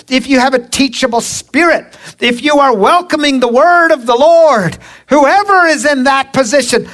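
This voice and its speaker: Slow, emphatic woman preacher. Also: high voice. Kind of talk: sermon.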